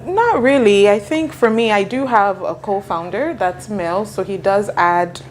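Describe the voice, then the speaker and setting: A woman from Ghana who founded a business talks on a webinar panel at a middle pitch. She speaks earnestly and in a measured way. A faint noise floor runs under her voice. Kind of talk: casual panel discussion.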